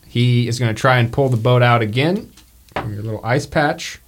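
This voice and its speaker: A man's voice: medium pitch, normal speed, slight background noise. A man narrating a tabletop game as game master, joking and full of fillers.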